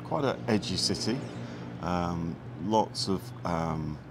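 Very deep guy raving about his travels, lots of ums, noisy background. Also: lively intonation, slow pace. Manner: enthusiastic, hesitant with many ums, repeats words. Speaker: travel vlogger. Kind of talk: casual travel vlog chat. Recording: background noise.

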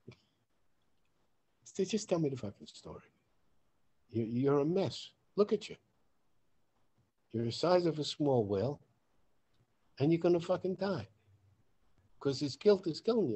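Husky and on the high side, this podcast host's voice moves a little slowly with frequent pauses. He spins a story full of profanity, animatedly performing both parties' dialogue in a raised voice.

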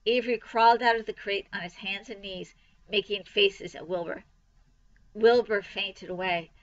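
A woman reading a children's storybook aloud for a library, with an expressive, lively delivery. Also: mid-range voice, moderate pace, dull audio.

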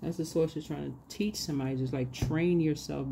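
A woman giving a casual tarot reading, reading affirmations slowly and repeating phrases in a soothing way. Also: low-pitched, steady tone, creaky, background noise. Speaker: tarot reader.

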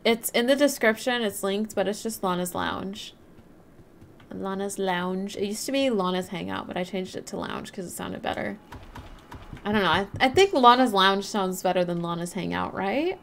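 A woman's voice: medium pitch, normal speed, vocal fry, a little hiss or hum. A woman live-streaming a game, chatting casually, rambling and reading out and answering her chat. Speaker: livestreamer.

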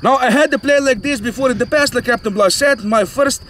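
A man's voice: very high voice, fairly quick, a bit bright, slight background noise, low-quality recording. A man hosting an RC flying channel, chatting casually and jokingly in rambling, non-native phrasing, recorded outdoors. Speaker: channel host, RC pilot.

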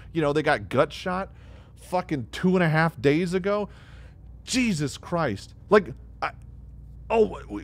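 A man's voice: sits high, no room sound. A male streamer ranting about a game's story with exasperated, profane sarcasm. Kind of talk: ranting live game commentary.

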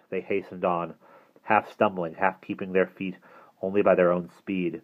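Low voiced guy reading a book aloud, steady pace, tinny phone-like audio. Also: normal speed. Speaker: audiobook reader. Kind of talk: audiobook narration.

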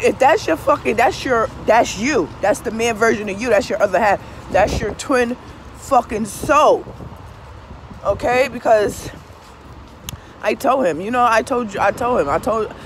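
A woman's voice: on the high side, slight background noise. A woman vlogging in a casual, confessional way, swearing freely and often checking that listeners understand. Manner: profane, emphatic, keeps asking "you understand?". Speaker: tarot reader and vlogger.

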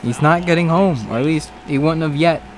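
A man giving casual let's-play commentary on a baseball video game, excitable, swearing and talking back to the game. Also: a little high, a little fast, a little hiss or hum. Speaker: gaming commentator.

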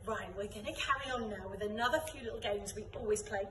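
A young woman teaching an online children's drama and dance class, calling out game commands loudly and brightly. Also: medium pitch, fast talker, noisy background. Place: dance studio room. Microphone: camera from a distance. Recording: echoey room, voice from far off.

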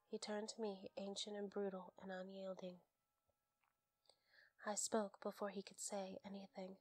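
A woman softly whispering a bedtime story, in a hushed, steady voice. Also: mid-range voice, measured pace, long pauses, no echo, faint music behind.

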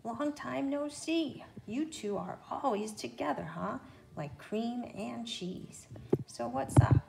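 A woman voicing a loud, pushy, boastful male mouse shopkeeper in a storybook read-aloud. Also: medium pitch, lively intonation, moderate pace, vocal fry, heavy background noise. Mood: brash. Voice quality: brash, shouting. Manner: boastful bargain talk.

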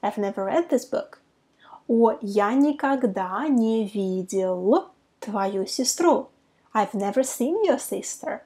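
A woman teaching a language lesson who says her example phrases slowly and carefully, with a Russian mother tongue. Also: on the high side, animated, warm tone. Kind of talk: casual online language lesson.

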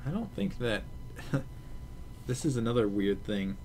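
A man's voice: medium pitch, lively intonation, slow pace, a little mellow, a little hiss or hum. A man in his thirties co-hosting a podcast, chatting casually in a rambling way with hesitant restarts. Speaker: podcast co-host.

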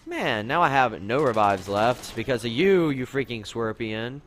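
Excitable young man commentating on gameplay. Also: medium pitch, measured pace, a little hiss or hum. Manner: excitable, yelps and complains at the game. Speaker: gaming commentator.

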